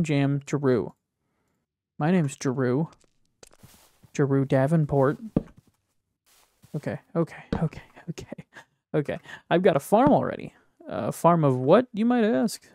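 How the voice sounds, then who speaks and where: A man's voice: on the high side, animated, measured pace, long pauses, darkish tone, no room sound. A man giving casual gameplay commentary, jittery and swearing as he talks to himself and the game. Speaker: gaming video creator.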